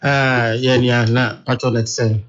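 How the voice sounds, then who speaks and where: A man's voice: mid-range voice, little pitch movement, unhurried, a bit bright. A man with a Ghanaian accent, a lecturer sitting in as guest on a radio panel, giving short agreeing replies. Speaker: studio guest, senior lecturer. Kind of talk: casual radio panel chat. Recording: muffled radio broadcast.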